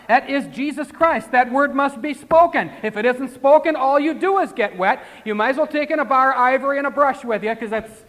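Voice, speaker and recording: A man's voice: very high-pitched, animated, brisk, hardly any pauses, a bit bright. A man preaching a sermon in a folksy, conversational way, full of rhetorical questions and asides. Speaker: pastor. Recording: long hall reverb.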